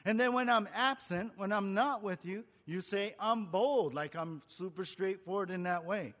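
A man with a high voice delivers an expository sermon. He preaches earnestly and conversationally, posing rhetorical questions to his listeners. His voice carries a long reverb from a hall. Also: normal speed, fairly bright tone. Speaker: pastor.

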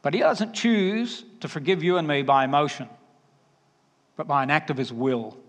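A man with a Southern accent preaching a sermon, emphatic and conversational, dropping to quiet asides. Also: fairly high pitch, moderate pace. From Alabama. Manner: emphatic, varies loudness, drops to quiet asides. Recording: reverberant hall.

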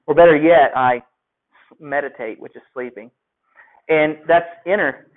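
A man's voice: fairly high pitch, measured pace. A male teacher giving a classroom lecture, talking conversationally and asking his students questions. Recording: phone-like lo-fi audio.

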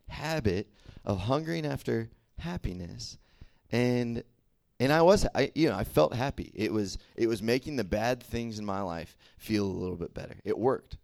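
A man's voice: medium pitch, vocal fry, darkish tone, dry recording. A young man from the American South preaching a casual sermon and checking in with listeners with frequent "right?" and "okay?". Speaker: youth preacher.

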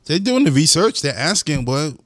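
A man co-hosting a podcast, animated and quick to laugh, pushing back in debate. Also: on the high side, no room sound, studio quality. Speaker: podcast co-host. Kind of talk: casual chat.

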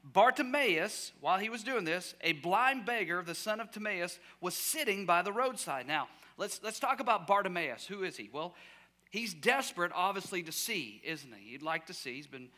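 A man preaching a sermon as pastor, telling the story with lively acted-out voices and shouted cries, sometimes dropping to a near-whisper. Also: sits high, moderate pace. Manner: drops to a soft near-whisper at quiet moments. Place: church sanctuary.

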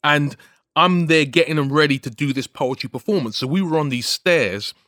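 A man co-hosting a podcast, telling a story in a casual, animated way. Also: fairly high pitch, moderate pace, no echo, clean studio sound. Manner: animated storyteller, frequent "you know what I mean". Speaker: podcast co-host.

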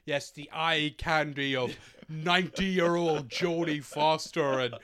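A man co-hosting a podcast, bantering with crude, sarcastic jokes and quick impressions. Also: on the high side, fairly bright tone. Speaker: podcast co-host. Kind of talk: casual comedic banter.

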